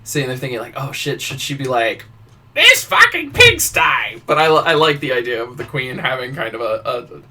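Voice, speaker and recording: A man's voice: mid-range voice, steady tone, brisk, sharp tone, distant mic, a little hiss or hum. A man hosting a podcast, chatting casually with frequent swearing, stammering restarts and laughter. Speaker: podcast host. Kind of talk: casual chat.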